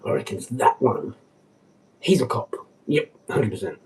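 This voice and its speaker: A man rambling on a casual livestream, agitated and swearing, dropping to mutters and then jumping up in pitch. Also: animated, normal speed, a little mellow, a little hiss or hum. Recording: distant from the mic.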